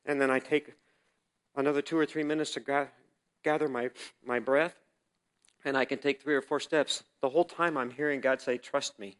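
A man preaching a personal testimony as a sermon, telling the story vividly and swinging between loud and hushed delivery. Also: medium pitch, steady tone, normal speed, pauses often, smooth.

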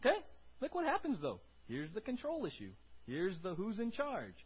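A man preaching a sermon in a high, very lively voice that leaps up and down and rises to shouts. He keeps calling out to the congregation for answers. The recording is dull and lo-fi. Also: normal speed, breathy edge. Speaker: pastor.

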